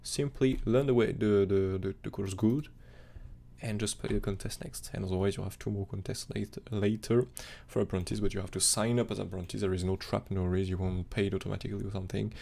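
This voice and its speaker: Fast-talking gravelly male crypto streamer. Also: fairly low pitch, fairly even intonation, warm tone. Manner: fast, rambling, non-native phrasing with fillers. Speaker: crypto chart analyst streamer. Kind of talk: live-stream technical analysis chat.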